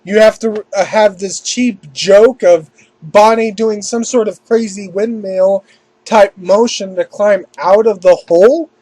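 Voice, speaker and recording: High-voiced man rambling through a review. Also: measured pace, darkish tone, no room sound, rough recording. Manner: rambling, with restarts and mock quoted voices. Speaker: anime reviewer. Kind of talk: casual spoken review.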